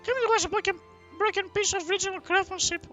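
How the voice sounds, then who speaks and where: A man doing a high, eager monastery trader. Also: fairly even intonation, fast talker, pushed and bright, faint music behind. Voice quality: high falsetto put-on voice. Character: eager chatty monastery trader with a valuable item.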